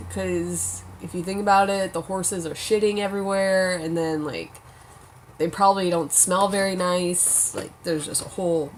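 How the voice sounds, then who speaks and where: Young woman doing a chill tv review at home, slow and chatty, lots of "like", swears a bit. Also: medium pitch, a little hiss or hum. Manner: chatty, says "like" a lot, swears casually. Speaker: TV episode reviewer. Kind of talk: casual chat.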